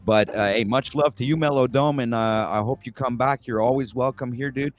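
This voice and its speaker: A man hosting a casual morning live stream, laid-back and rambling, giving viewers lots of shout-outs. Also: mid-range voice, fairly quick. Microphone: home streaming mic on a stand.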